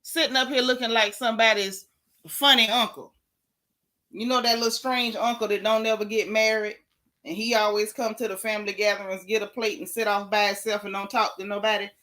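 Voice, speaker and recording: A woman's voice: medium pitch, little pitch movement, a little fast, pushed and bright. A woman with a Southern US accent hosting a casual livestream gossip show, sassy and emphatic, repeating her punchlines for effect.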